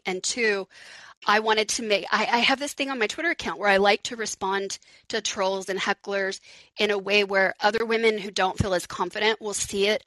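A woman's voice: medium pitch, bright, forceful tone, no echo, rough recording. A woman hosting a live call-in podcast, talking frankly and chattily, laughing often and swearing casually. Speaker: podcast host.

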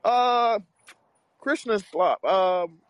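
Guy calling into a podcast, slangy and jokey, kinda high voice, dead dry sound. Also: drawn-out words, no echo. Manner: joking, slangy, rambling. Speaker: caller. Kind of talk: casual call-in chat.

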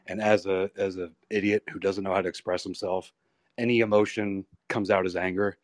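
A lower-pitched man in his thirties tells wrestling stories in a loose, rambling way. He swears freely and acts out the other people in his anecdotes. The recording is dry and close, with no room sound. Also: brisk, no echo. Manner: rambling, profane, animated retellings. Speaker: pro wrestler guest. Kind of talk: candid storytelling interview.

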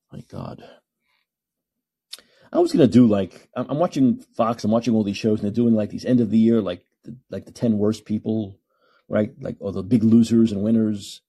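A man's voice: fairly low pitch, brisk, dark tone, breathy edge. A middle-aged man hosting a solo podcast, ranting in a combative, sarcastic way. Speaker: podcast host. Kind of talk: solo call-in podcast commentary.

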